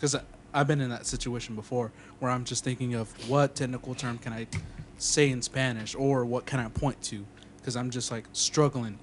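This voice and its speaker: A man's voice: medium pitch, fairly even intonation, normal speed, a little hiss or hum. Easygoing man explaining things. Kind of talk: casual chat among friends.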